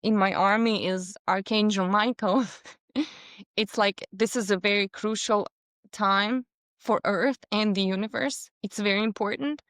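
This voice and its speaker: A woman's voice: medium pitch, unhurried, no echo, studio quality. A woman, a podcast guest telling a story animatedly in casual conversation. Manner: animated storytelling with laughs and voiced quotes.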